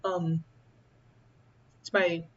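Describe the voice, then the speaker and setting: A young woman chatting casually as she eats, rambling and halting with many fillers. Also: lowish voice, flat delivery, fairly bright tone, husky, lo-fi sound. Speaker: vlogger. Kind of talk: casual chat while eating.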